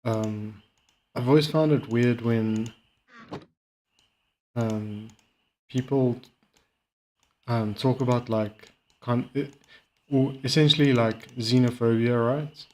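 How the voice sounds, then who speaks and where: A man chatting casually while playing a game and reacting to a video, rambling and halting with many fillers. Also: mid-range voice, steady tone, a little hiss or hum. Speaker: streamer. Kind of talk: casual gaming commentary.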